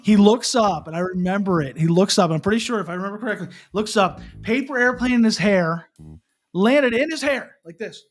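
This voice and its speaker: A man's voice: high-pitched, fairly quick, soft background music. A middle-aged man from Pennsylvania hosting a casual morning show, telling a story with lots of restarts and asking listeners questions. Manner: animated, restarts and repeats, asks the listener questions. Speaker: host.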